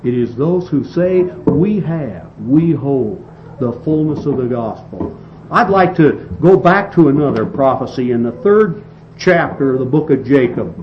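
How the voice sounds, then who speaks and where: A man preaching a sermon, reading scripture and expounding it with slow, emphatic delivery and some restarts. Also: medium pitch, expressive. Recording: dull lo-fi recording with faint hiss.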